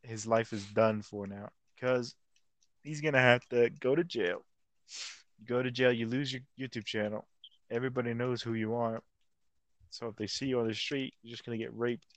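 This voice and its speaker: A man's voice: medium pitch, fairly even intonation, normal speed, dry recording. Slangy young man, dry close sound. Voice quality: stumbles over words. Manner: rambling, slangy, acts out quotes. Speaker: podcast co-host. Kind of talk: casual chat.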